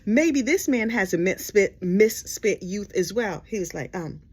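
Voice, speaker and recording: A woman telling a gossip story in casual storytelling style, animated and sassy with dramatic asides. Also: medium pitch, unhurried, hardly any pauses, husky.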